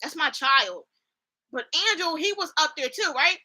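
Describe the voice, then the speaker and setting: Bright, high-voiced streamer woman. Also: normal speed, rough recording. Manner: expressive, slangy, swears freely, reads chat aloud. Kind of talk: casual live-stream chat.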